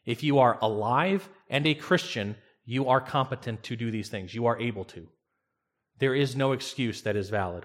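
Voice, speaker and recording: A male pastor preaching an earnest sermon who acts out quoted dialogue as he goes. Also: mid-range voice.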